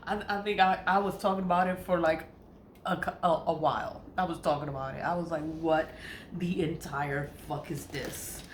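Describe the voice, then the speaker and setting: A woman's voice: on the low side, steady tone, fast talker, background noise. A woman vlogging in a casual, chatty way, swearing freely and laughing often. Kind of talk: casual spiritual vlog chat. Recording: echoey room with faint ambience.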